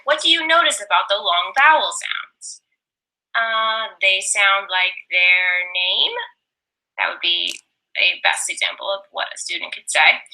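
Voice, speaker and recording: A young woman demonstrating a reading lesson, sounding out words slowly and repeating them for a student. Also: mid-range voice, bright, forceful tone, poor audio. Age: young adult. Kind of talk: slow, deliberate teaching demonstration.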